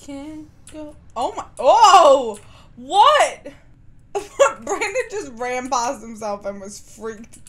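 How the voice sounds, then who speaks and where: A woman's voice: high-pitched, slow pace, few pauses, a bit bright. A woman streamer chatting playfully and giggling through a game with her viewers. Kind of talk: gaming commentary with viewers.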